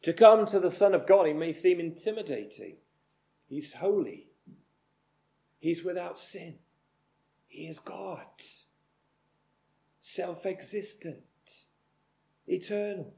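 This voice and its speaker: Man preaching a sermon, emphatic and deliberate, fairly high voice, slow pace. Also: animated, creaky, warm tone.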